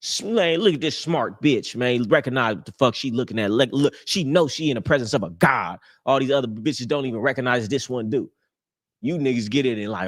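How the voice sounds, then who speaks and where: A young man talks straight into his streaming mic, hosting a live show. He sounds brash and boastful, his talk full of profanity and street slang. His voice sits at an ordinary, mid-range pitch. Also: animated, fairly quick. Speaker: livestream host.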